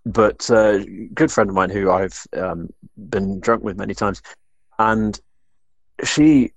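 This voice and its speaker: Low-voiced northern English man chatting. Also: slow pace, no echo. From northern England. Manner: rambling, many restarts and fillers. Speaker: podcast co-host. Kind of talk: casual discussion.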